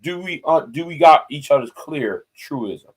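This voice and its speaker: A man's voice: on the high side, animated, a little slow, slightly rough. Man ranting angrily at rivals. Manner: confrontational, threatening, profane, repeats himself. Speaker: YouTube commentator. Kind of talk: angry direct-to-camera rant.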